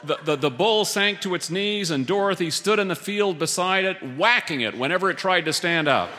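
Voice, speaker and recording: A man's voice: high voice, animated, moderate pace, sharp tone, slight background noise. Wry male storyteller in an echoing hall. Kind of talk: humorous storytelling.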